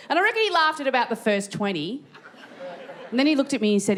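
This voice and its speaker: On a large theatre stage, an Australian woman does a stand-up set, telling stories and breaking into shrieked, acted-out quotes. Her mid-range voice is very animated, at a moderate pace with long pauses. Crowd noise, including audience laughter, makes the background noisy.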